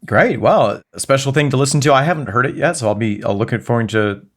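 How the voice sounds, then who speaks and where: A man's voice: medium pitch, expressive, fast talker. A man co-hosting a podcast in a casual, playful, jokey style. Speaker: podcast co-host.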